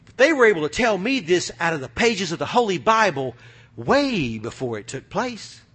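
A middle-aged man from the United States preaching a sermon, fervent, going from loud bursts to hushed asides. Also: sits high, very animated, normal speed, slightly rough.

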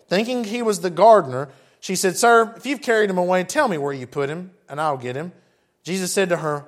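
A man's voice: fairly high pitch, lively intonation, fairly quick. A man preaching a sermon, reading scripture aloud and breaking off for chatty, conversational asides to his congregation.

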